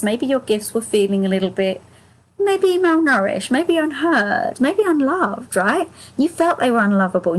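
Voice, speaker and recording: Breathy woman giving soothing card readings. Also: mid-range voice, low-quality recording. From United Kingdom. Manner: gentle, affirming, soothing. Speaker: angel card reader. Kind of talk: live oracle card reading. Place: home, live stream.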